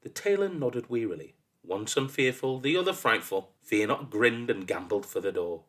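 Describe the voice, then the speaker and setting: Storyteller: man, expressive storybook reading, very animated pitch. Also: moderate pace. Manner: lively, expressive.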